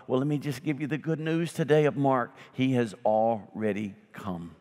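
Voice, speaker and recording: A male pastor delivering a sermon, swinging between loud emphatic lines and slow hushed ones, with folksy humorous asides. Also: medium pitch. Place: church sanctuary. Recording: long hall reverb.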